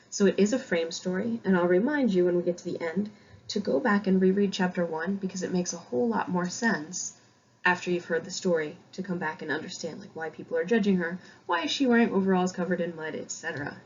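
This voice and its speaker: A woman from Connecticut, a high school English teacher, explaining a novel in a chatty, self-deprecating recorded lecture. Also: darkish tone, slightly rough, dull audio.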